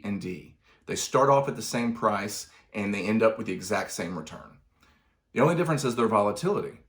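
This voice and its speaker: A man giving a conversational finance lesson, correcting himself now and then and adding wry asides. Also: on the low side. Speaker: finance instructor. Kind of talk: explanatory video lesson.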